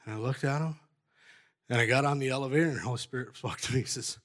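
A man's voice: medium pitch, fast talker, a bit bright. A middle-aged man giving a rambling personal testimony at a church gathering, restarting sentences and joking at his own expense. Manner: rambling, self-interrupting, jokey.

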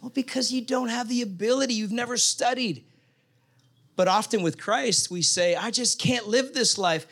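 A man's voice: extremely high pitch, normal speed, fairly bright tone. A man preaching a casual sermon in church as pastor, explaining step by step with joking asides. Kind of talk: conversational sermon.

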